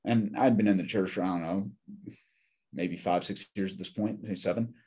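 Husky man telling wry stories. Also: sits low, steady tone, moderate pace, mellow. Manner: candid and joking, with wry asides. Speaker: podcast guest. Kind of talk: casual conversational storytelling.

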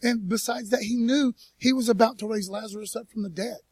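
High-voiced casual preacher, folksy and dry. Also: male voice, steady tone, a little fast, a little mellow, husky, dry recording. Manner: folksy, peppered with "man" and "you know". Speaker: pastor. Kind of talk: casual conversational sermon. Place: church.

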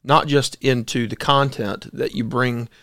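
A man's voice: medium pitch, fairly even intonation, a little slow, fairly bright tone, no echo, clean studio sound. A man who is a pastor and co-host, giving opinionated casual commentary with emphatic rhetorical questions. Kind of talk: casual talk show commentary.

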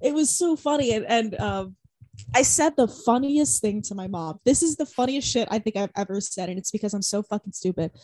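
Rambling through a concert story, this young podcast co-host peppers her casual talk with "like," curses freely and laughs often. Her mid-range voice sounds warm and carries no echo.

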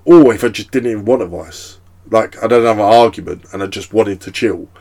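A young man hosts a relaxed podcast chat, rambling through his thoughts with plenty of fillers and the odd swear word. His voice sits low and has a gravelly, creaky edge. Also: brisk. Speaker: podcast host. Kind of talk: casual chat.

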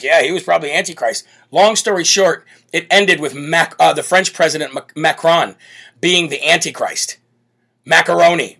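With a fairly high pitch, vocal fry and a fairly bright tone, an American man hosts a live political commentary show. He speaks brashly, boldly and with emphasis.

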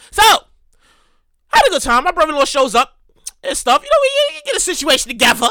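A person telling a casual story in a monologue, profane and animated, repeating phrases for emphasis. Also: sits high, normal speed, gravelly, pauses often, no room sound, studio quality.

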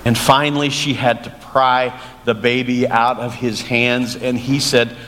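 A man, a pastor, preaching a sermon in a slow, earnest storytelling manner and leading a prayer. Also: medium pitch, level tone, fairly bright tone. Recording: long church reverb, faint noise.

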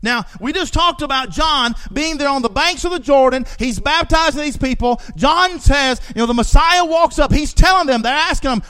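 A man preaching a sermon with emphatic repetition, swinging from hushed asides to shouting. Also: extremely high pitch, fairly quick, hardly any pauses.

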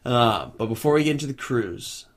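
A man's voice: medium pitch, lively intonation, fairly quick. A man co-hosting a casual podcast, telling a story and laughing his way through it. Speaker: podcast co-host. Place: video podcast set.

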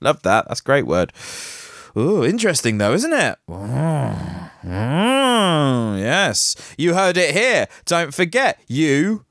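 A man's voice: fairly high pitch, sing-song, measured pace, fairly bright tone, dry recording, clean studio sound. A man hosting a podcast, reading news items and breaking off into jokey, rambling asides, laughing at himself. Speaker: podcast host.

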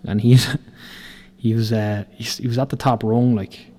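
He's a young Irish man in his twenties hosting a podcast, speaking a little slowly in a medium-pitched, mellow voice with a steady tone. His casual storytelling covers rambling, swear-filled building-site stories that he laughs through.

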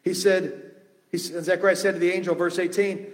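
A male pastor preaches with passion, dropping to hushed tones and rising again. His voice sits high for a man and rings in a long reverberant hall. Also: little pitch movement, a little fast. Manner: impassioned, shifting from loud to hushed. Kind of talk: sermon.

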